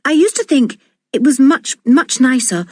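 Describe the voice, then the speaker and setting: A stubborn tomboy girl, curt and decided, pitched a little above the reader's own voice, as a woman puts her on. Her tone is breathy and dry. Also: lively intonation, moderate pace, a little mellow, dry recording. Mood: blunt.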